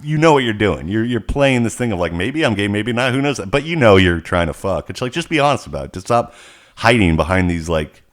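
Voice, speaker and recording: A man with a lowish voice co-hosting a casual podcast. He tells stories in an animated, rambling way, full of asides and restarts. The tone stays conversational throughout. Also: fairly quick. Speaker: podcast co-host. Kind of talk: casual chat.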